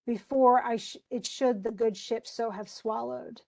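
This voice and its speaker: A woman reading as Miranda, a gentle grieving girl. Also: on the high side, steady tone, unhurried, vocal fry. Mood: pleading.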